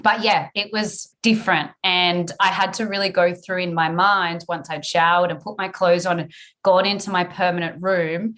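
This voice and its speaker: A woman's voice: fairly low pitch, steady tone, moderate pace, fairly bright tone. A young woman frankly telling her birth story on a podcast, acting out her past self and swearing freely.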